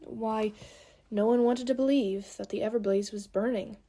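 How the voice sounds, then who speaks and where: A woman's voice: on the high side, fairly even intonation, moderate pace, natural voice. A woman doing a weary, grieving elf father. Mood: somber. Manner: soft and heavy, often sighing.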